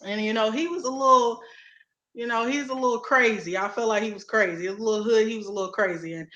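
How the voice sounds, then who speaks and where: A young woman co-host tells a story in casual chat, bright and forceful in tone, laughing as she goes. Her voice rings in a roomy, echoey space. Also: a little high, fast talker, dull audio. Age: young adult. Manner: animated, laughing storyteller with restarts.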